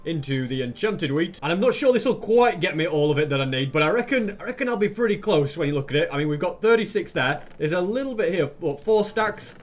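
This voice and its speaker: A man's voice: on the high side, animated, fast, hardly any pauses, soft background music. A young man narrating his own gameplay in a chatty way, asking viewers rhetorical questions as he goes. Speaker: Minecraft YouTuber. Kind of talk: gameplay commentary.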